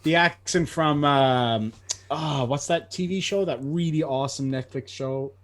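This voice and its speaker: A man's voice: on the high side, unhurried. A man from Ireland, chatting casually as a guest over a video call. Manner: relaxed, swears casually, trails off.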